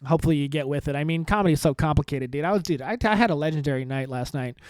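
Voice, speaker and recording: A man's voice: fairly high pitch, very fast, a little mellow, dry recording. A male comedian hosting his podcast alone, rambling in a sarcastic, self-mocking way and saying "dude" often. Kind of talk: rambling solo podcast sign-off.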